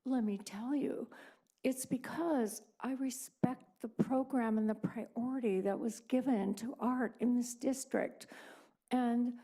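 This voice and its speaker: Slow, gravelly-voiced woman speaking out. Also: a little high, fairly even intonation, warm tone. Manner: candid, sarcastic, emphatic. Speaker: art teacher giving public comment. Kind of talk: public comment at a school board meeting. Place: school board meeting room.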